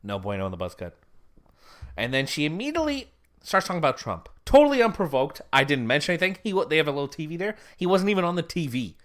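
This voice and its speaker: A podcast co-host with a fairly high, sing-song, fairly bright voice talks fast as he tells a story in casual chat. He rambles and laughs often.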